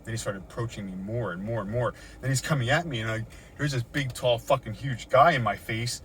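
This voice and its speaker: This middle-aged vlogger, shaken, describes an encounter from his parked car in a parking lot, agitated, cursing and repeating himself as his phone records. His medium-pitched voice is a bit bright and fairly quick, with slight background noise behind it.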